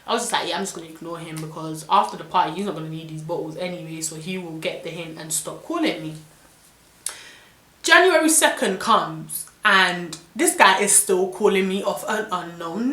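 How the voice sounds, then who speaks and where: Animated young London woman, bright tone. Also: on the low side, normal speed, echoey room. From London, England. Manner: animated, indignant storytelling with London slang. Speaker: vlogger. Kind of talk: storytime vlog.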